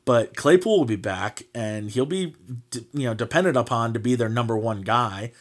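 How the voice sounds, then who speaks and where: A man's voice: mid-range voice, moderate pace. A man hosting a sports podcast, ranting in a heated, mocking way, swearing freely and filling his talk with "like" and "you know.". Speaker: podcast host. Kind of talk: casual sports podcast rant.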